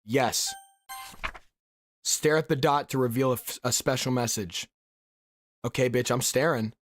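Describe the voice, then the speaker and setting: A young man reacting loudly to a horror game with lots of cursing and jumpy outbursts. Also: mid-range voice, measured pace, no room sound. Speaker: gaming YouTuber. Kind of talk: horror game let's play.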